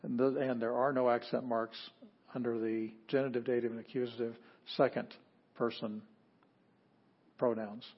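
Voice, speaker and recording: A man's voice: medium pitch, little pitch movement, moderate pace, husky. A man teaching Greek in a chatty lecture style, correcting himself and making joking asides. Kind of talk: classroom lecture. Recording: dull lo-fi lecture recording.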